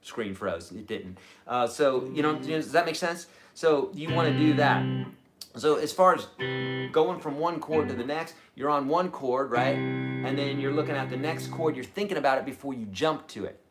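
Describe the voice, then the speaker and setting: A middle-aged man at a medium pitch, running a live guitar lesson with questions from viewers. He talks in an animated, chatty way and keeps checking in with his audience. His tone is easygoing and encouraging. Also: a little slow. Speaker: guitar teacher.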